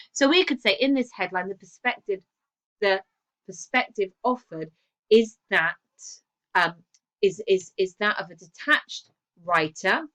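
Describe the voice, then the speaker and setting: A woman's voice: medium pitch, a bit bright. A woman English teacher giving a recorded lesson. She explains step by step, asks the class questions and praises their answers.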